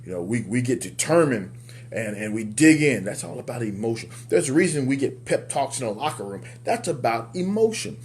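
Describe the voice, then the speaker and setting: A man coaching other men in a motivational talk. He speaks emphatically like a preacher, repeats key words for effect, and jumps up in pitch on his punch lines. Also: very animated, brisk, a little mellow. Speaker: men's life coach and show host.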